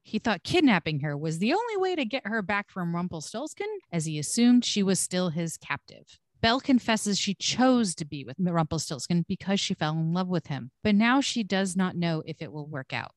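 Woman podcast host doing a recap, low voice, blunt and sweary, dry mic. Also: big pitch swings, normal speed, hardly any pauses, no room sound. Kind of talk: scripted recap narration with casual asides.

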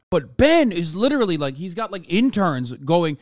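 A man's voice: high-pitched, animated, unhurried, hardly any pauses, dry recording, clean studio sound. A man streaming reaction commentary, ranting in a heated, profane way.

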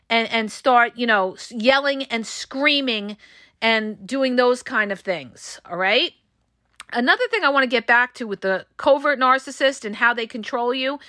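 Woman podcast host, fired-up and blunt, bright forceful voice, dry close sound. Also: on the high side, no echo. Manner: passionate, emphatic, blunt with swearing. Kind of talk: solo podcast talk.

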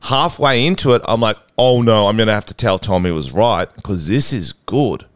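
A young Australian man co-hosting a podcast in loose, crude chat. He swears constantly and laughs a lot. His voice is smooth and mid-pitched, recorded close and dry. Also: animated, normal speed, no echo. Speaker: podcast co-host. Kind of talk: casual chat.

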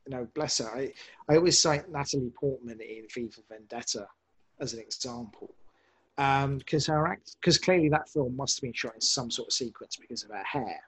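A man, a podcast director, talking casually in an interview, animated and rambling with many restarts. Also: mid-range voice, normal speed, husky, low-quality recording.

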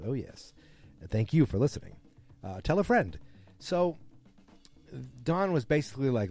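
A man's voice: medium pitch, expressive, brisk, mellow, soft background music. A man hosting a podcast, casually recapping a TV episode in a rambling, self-correcting way. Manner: rambling, self-correcting, quoting characters loosely. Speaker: podcast host.

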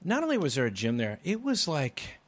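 Man, casual storyteller, animated, does quick impressions. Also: a little high. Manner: animated storyteller, acts out quoted voices. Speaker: fellow comedian telling a road story.

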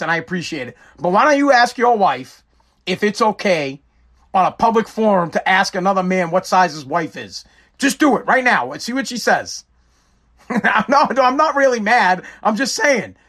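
A man's voice: sits high, a bit bright. A man hosting a casual live-stream talk show, rambling and joking with frequent swearing. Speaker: show host.

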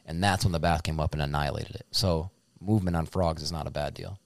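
A man's voice: very deep voice, steady tone, fast talker, gravelly, dry recording. Joking, rambling man on a dry mic. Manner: loose, joking, rambling storyteller. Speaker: podcast co-host. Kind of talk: casual chat.

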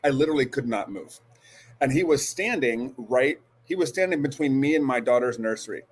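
A man in his forties speaks as a guest in an interview, earnest and halting. He restarts his sentences often and settles into a steady, medium-pitched voice. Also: breathy edge. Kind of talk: storytelling interview.

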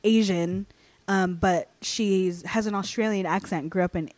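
A woman's voice: mid-range voice, steady tone, measured pace, darkish tone, dry recording. Young female co-host, casual rambling storyteller, dry mic. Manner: rambling storyteller, lots of likes and restarts. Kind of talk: casual chat.

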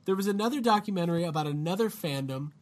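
A man's voice: high voice, expressive, fast. Guy hosting a podcast, chatty and jokey, drops f-bombs a lot. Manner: loose, joking, swears freely. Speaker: podcast host. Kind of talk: casual podcast chat.

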